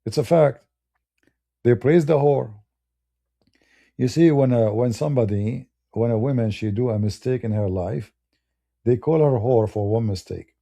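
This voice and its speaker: Combative Middle Eastern-accented male streamer, husky fry, dark mellow tone, blunt delivery. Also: medium pitch, unhurried, pauses often. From Middle East. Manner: blunt, combative, laughs through his anecdotes. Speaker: Christian apologist streamer. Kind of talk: unscripted livestream rant.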